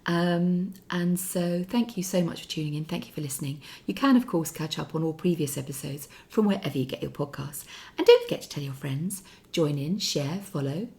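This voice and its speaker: A woman's voice: sits low, a little fast, dark tone. A woman co-hosting a casual chat podcast, teasing and laughing often as she talks. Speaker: podcast co-host.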